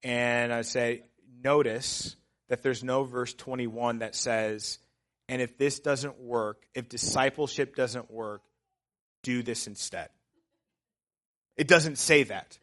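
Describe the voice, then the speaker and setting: A man's voice: mid-range voice, steady tone, slow pace. Man, pastor, sermon, conversational, sarcastic asides, emphatic urging. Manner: conversational, self-described sarcastic, builds to loud emphatic exhortation.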